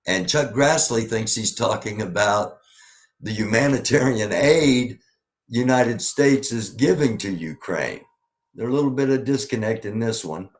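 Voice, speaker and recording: A man's voice: mid-range voice, unhurried. A man hosting a live news commentary show, talking sarcastically over clips he plays.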